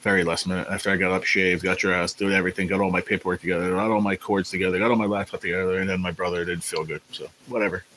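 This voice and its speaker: A man hosting a casual live stream, rambling in a laid-back way and greeting viewers by name, sounding tired and low on energy. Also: little pitch movement, rapid-fire, hardly any pauses, fairly bright tone, a little hiss or hum, poor audio. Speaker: livestream host. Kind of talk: casual livestream chat.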